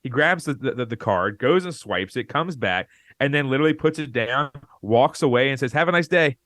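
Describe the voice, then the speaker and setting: A man co-hosting a casual podcast, telling a story in a rambling, animated way at a mid pitch. The recording is dry and close, with no room sound. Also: normal speed, dry recording. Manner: rambling, animated, acts out quoted lines. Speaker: podcast co-host.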